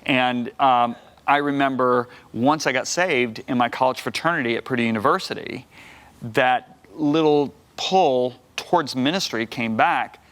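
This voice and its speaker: Energetic older man telling his story. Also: mid-range voice, measured pace. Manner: energetic, quotes people in lively voices. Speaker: guest minister and author. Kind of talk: animated storytelling testimony. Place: TV studio talk set.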